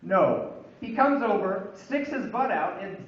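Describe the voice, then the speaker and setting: High-pitched guy doing a funny story bit, wry and fed up, super echoey big room, far mic. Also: expressive, a little slow. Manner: wry, building comic exasperation. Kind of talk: humorous storytelling monologue. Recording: very echoey, distant, dull room recording.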